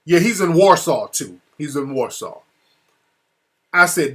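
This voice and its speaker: A man with a husky, slightly high voice tells a story in loose, casual talk. He swears freely and grows heated and animated as he goes. The call audio drops out now and then. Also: unhurried. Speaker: interview guest. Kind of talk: casual phone-style conversation.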